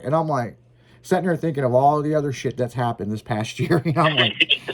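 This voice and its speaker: A man's voice: on the high side, animated, fairly quick, fairly bright tone. A man co-hosting a casual podcast, telling profane road stories and acting out both sides of old conversations. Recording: faint background noise.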